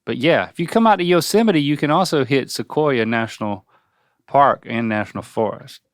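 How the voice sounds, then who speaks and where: A man's voice: mid-range voice, lively intonation, moderate pace, no echo, clean studio sound. A middle-aged man co-hosting a podcast, teasing and playfully quizzing his father. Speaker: podcast co-host. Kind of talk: casual chat. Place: indoor studio.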